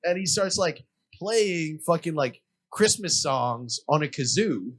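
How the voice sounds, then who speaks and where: A young man co-hosting a podcast, telling a story in casual chat, animated, laughing and swearing freely. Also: a little high, slow. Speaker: podcast co-host.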